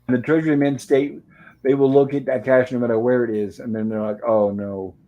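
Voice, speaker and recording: A man's voice: mid-range voice, flat delivery, fairly quick, highs cut off. A man in the middle of his range recaps old sitcom episodes in a loose, chatty way. He reads the characters' lines aloud as he goes and drops dry little asides between them. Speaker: show host reviewing old TV episodes. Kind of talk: casual recap and commentary.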